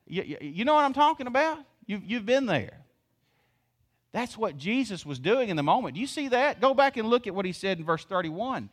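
A man preaching a sermon, his voice sitting a bit higher than most men's. He swings widely up and down in pitch and keeps firing rhetorical questions at his folksy congregation. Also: big pitch swings, normal speed. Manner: folksy, calls the congregation y'all. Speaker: pastor.

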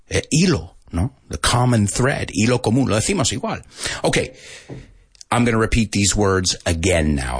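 Playful husky-voiced man teaching live. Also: on the low side, no room sound, studio quality. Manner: playful, laughs often at himself; spells letters out slowly and deliberately. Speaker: live-stream host teaching English. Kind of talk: casual live lesson with Spanish translations.

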